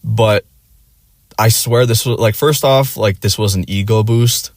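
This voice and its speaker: A man's voice: on the low side, a little slow, dry recording. A man telling a rambling personal story in casual, profane language, laughing along as he goes. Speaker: vlogger.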